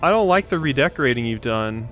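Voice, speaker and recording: A man's voice: mid-range voice, animated, fast talker, fairly bright tone, faint music behind. A man hosting a let's play, thinking aloud through a puzzle and poking fun at himself. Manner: self-deprecating, thinks aloud. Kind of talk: gaming commentary.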